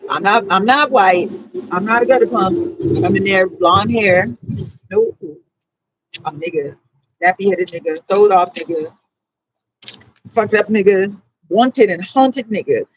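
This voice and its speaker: A woman's voice: mid-range voice, expressive, moderate pace, pauses often, a little hiss or hum, rough recording. A woman with a New Orleans accent, talking bluntly and profanely in a rambling livestream monologue. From New Orleans, USA.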